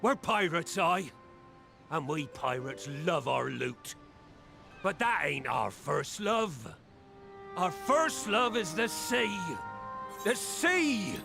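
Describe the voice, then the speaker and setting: Gravelly old pirate captain. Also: male voice, sits high, sing-song, takes it slowly, pauses often, bright, forceful tone, full character voice. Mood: rousing. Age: older. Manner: gruff pirate speech, commanding speeches. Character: weathered old male pirate captain, stern and rousing. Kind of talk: game cutscene voice acting. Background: game music.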